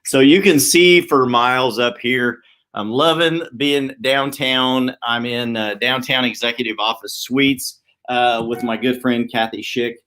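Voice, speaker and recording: A man hosting a weekly motivational live stream from a downtown office, talking fast and chatty. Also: mid-range voice, steady tone, sharp tone. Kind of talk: casual live-stream talk.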